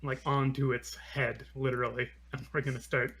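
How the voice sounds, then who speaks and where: A man's voice: mid-range voice, flat delivery, normal speed, a bit bright, slight background noise. Man player, casual rambling table chat. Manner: rambling, laughing, with many ums and restarts.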